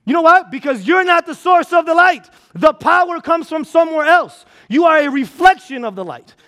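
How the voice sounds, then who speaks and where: Male pastor, high voice, energetic sermon delivery, emphatic restarts. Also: moderate pace. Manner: energetic, repetitive preaching with restarts and emphatic repeats. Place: church auditorium.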